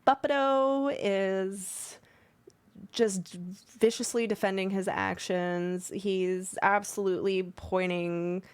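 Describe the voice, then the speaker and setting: A woman running a tabletop game as game master, patiently walking players through the rules step by step with filler pauses. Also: medium pitch, steady tone, clean tone.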